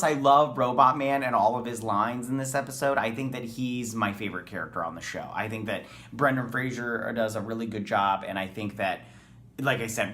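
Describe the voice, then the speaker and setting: Reviewing a TV episode in a casual way, this man speaks with a fairly low, somewhat bright voice. His delivery is eager and meandering, full of filler like "um" and "uh."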